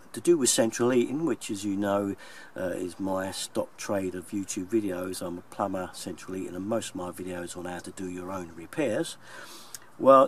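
Older London man, plumber vlogging, plain-spoken and chuckly; off-mic with a faint hiss. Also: low-pitched. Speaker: plumber and video maker. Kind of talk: casual vlog talk to viewers. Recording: distant mic, faint background noise.

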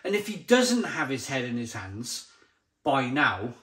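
A man's voice: medium pitch, sing-song, measured pace, a bit bright. A man reviewing a beer to camera in a blunt, exasperated way, often stumbling and repeating himself. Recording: roomy echoey sound.

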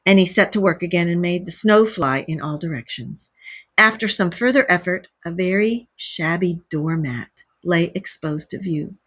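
Teacher lady reading to kids, patient, a bit husky, dry close sound. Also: fairly low pitch, moderate pace, fairly bright tone, dry recording. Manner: patient, explains words for young listeners. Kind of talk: reading aloud and explaining to children.

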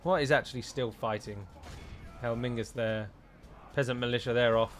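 A British man commentates on his strategy game at normal speed, his mid-range voice steady even as he grows exasperated and swears freely while the battle goes wrong. Faint music plays behind his let's-play commentary.

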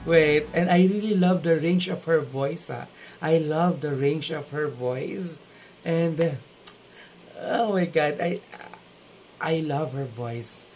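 A man's voice: a little high, takes it slowly, darkish tone, faint music behind, rough recording. A man with a Filipino accent hosting a casual reaction video, gushing with exclamations of amazement. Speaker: YouTube reaction vlogger.

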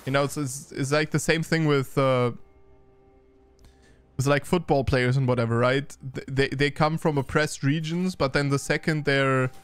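Man, esports caster, mid-pitched voice, casual review talk, faint music underneath. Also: fairly even intonation, clean tone, no room sound. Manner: loose and chatty, frequent fillers and restarts; turns brisk during play-by-play. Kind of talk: casual game review commentary.

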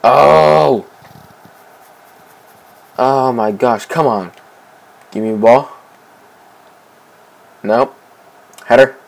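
Excitable young man narrating his gameplay. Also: medium pitch, takes it slowly, pauses often, low-quality recording. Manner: excitable, repeats himself, pleads with teammates. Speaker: gameplay commentator. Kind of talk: casual let's-play commentary.

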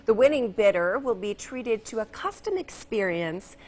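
Lively woman news anchor. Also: mid-range voice, moderate pace. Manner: playful, lively. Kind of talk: local TV news read with banter.

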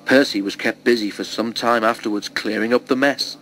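A man reads a children's storybook aloud, steady and expressive. His voice sits at an ordinary middle pitch, with a faint hiss behind it. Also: a little fast, hardly any pauses, rough recording. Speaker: storybook reader.

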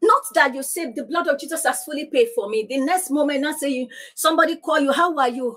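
A woman's voice: high voice, expressive, quick pace, few pauses, a bit bright. A woman pastor preaching on divine healing, insistent and repeating declarations, praying aloud. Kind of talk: sermon teaching on divine healing.

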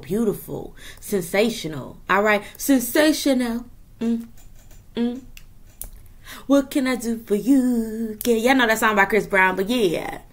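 A woman with a medium-pitched voice gives her viewers a casual tarot reading. She talks profanely and emphatically, capping her points with "okay?" and "period."

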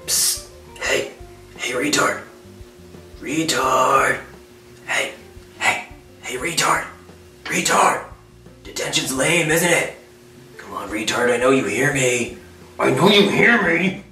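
Gravelly mean kid bully, hissing taunts, slow, roomy echo, music behind. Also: male voice, medium pitch, lively intonation, sharp tone, distant mic. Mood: jeering.

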